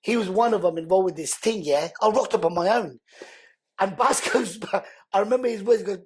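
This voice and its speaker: Husky guy on a podcast, animated storytelling, does everyone's voices. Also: sits high, a little fast. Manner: animated, acts out other people's lines. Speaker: podcast guest. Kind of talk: emotional storytelling in conversation.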